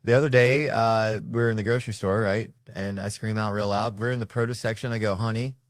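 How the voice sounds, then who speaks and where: A man doing a stand-up comedy set, brash and loud, acting out the people in his stories. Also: on the low side, fairly even intonation, fairly quick, dry recording.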